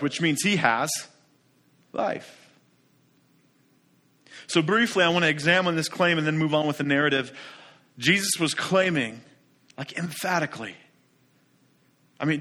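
Emphatic preacher man, slightly high voice. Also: normal speed, long pauses, pushed and bright. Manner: emphatic, full of rhetorical questions. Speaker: pastor. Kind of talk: sermon.

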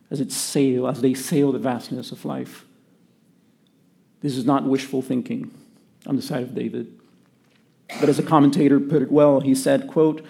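Gravelly-voiced man preaching a sermon. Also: medium pitch. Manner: earnest preaching, drops to quiet emphasis. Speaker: pastor.

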